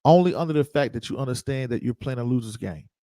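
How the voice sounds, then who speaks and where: A man's voice: medium pitch, fast talker, dark tone, no room sound. A man hosting an investing livestream, talking loosely and joking with viewers, repeating his points. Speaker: host of investing show. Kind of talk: casual livestream talk.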